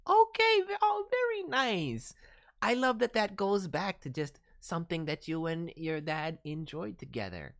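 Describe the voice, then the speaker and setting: A woman chatting on a live stream as she voices viewers' characters, gushing with enthusiasm and filling pauses with stammers. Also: on the low side, sing-song.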